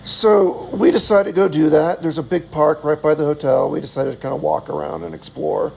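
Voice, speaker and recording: A man's voice: a little high, fairly quick, vocal fry, darkish tone, a little hiss or hum, poor audio. A middle-aged man telling a travel story in a casual, rambling way, chuckling often and poking fun at himself. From United States. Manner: chuckling, self-deprecating, rambling. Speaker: vlogger.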